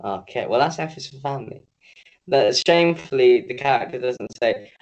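Guy on a podcast, swears a lot, teases his mate, rants about stuff, middle pitch. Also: animated, normal speed, a little mellow, lo-fi sound. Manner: sweary, teasing, ranting. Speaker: podcast co-host. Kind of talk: casual chat.

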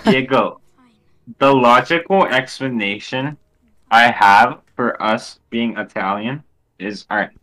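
A man's voice: mid-range voice, takes it slowly, pushed and bright, rough recording. A young man in casual joking chat, doing a movie commentary with friends. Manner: jokey, laughing, playful bits.

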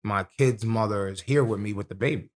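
A young professional fighter tells fight stories during a casual podcast chat, speaking briskly in a fairly low voice. His storytelling is animated, streetwise, and profane.

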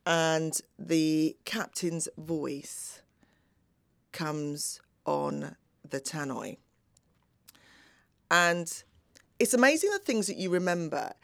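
A middle-aged woman telling a personal story in a slow, deliberate, dramatic way, with long pauses. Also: low voice, lively intonation, vocal fry, fairly bright tone, dry recording, clean studio sound.

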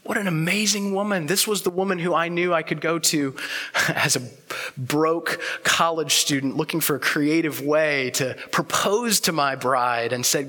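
A man preaching a sermon as pastor, earnest and reflective, pausing often and letting words trail off softly. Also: fairly high pitch.

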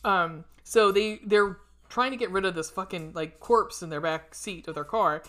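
A woman's voice: medium pitch, normal speed, fairly bright tone. A young woman co-hosting a casual podcast chat about a horror film, rambling with many fillers and casual swearing. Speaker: podcast co-host.

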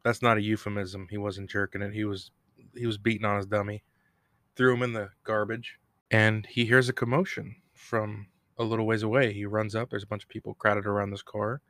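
In a low-leaning, slightly bright, level voice, a man talks a little fast while recapping a TV episode alone as a podcast host. He meanders, cracks self-deprecating jokes, and laughs at them. His home recording room has no echo, and a cat bell can be heard nearby.

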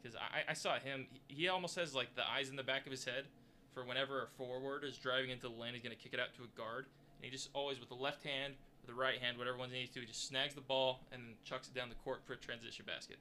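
Super bright voiced guy, animated casual sports podcast chat. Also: mid-range voice, quick pace, a little hiss or hum. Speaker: podcast co-host.

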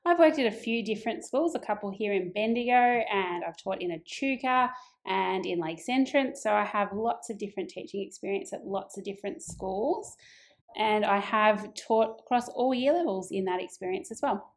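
A woman's voice: mid-range voice, animated, moderate pace. An Australian woman in her forties, a primary school teacher answering interview questions in a friendly, lightly joking way. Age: 40s.

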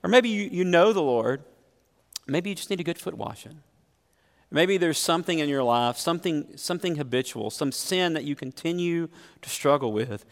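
A middle-aged man preaching to his church, pressing earnest questions on his listeners. His voice carries a gravelly edge, and it rings out with the long reverb of a large sanctuary. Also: a little high. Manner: earnest, questioning the congregation directly. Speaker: pastor. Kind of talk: sermon.

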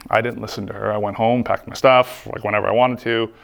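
Earnest man with a gravelly voice. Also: fairly low pitch, level tone, quick pace, fairly bright tone. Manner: earnest, heartfelt, frequent "like" fillers. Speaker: speaker giving a personal testimony. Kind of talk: personal faith testimony.

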